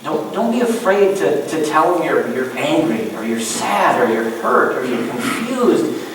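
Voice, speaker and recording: Pastor, male, animated preacher with joking asides; recorded from a distance in an echoey church with light noise. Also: on the high side, a little slow. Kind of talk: sermon. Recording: echoey church room from far off.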